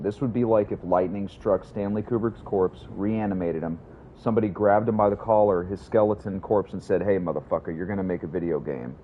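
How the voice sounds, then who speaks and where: A man's voice: fairly low pitch, muffled recording, slight background noise. A man streaming a game, chatting casually with his viewers in a rambling, profane way. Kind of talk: casual livestream gaming commentary.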